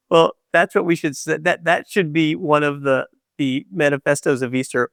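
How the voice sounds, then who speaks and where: A man's voice: on the high side, normal speed, vocal fry, few pauses, no echo. Man telling a playful spiritual story, dry sound. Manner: animated, playful storyteller with frequent hesitations. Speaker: podcast host.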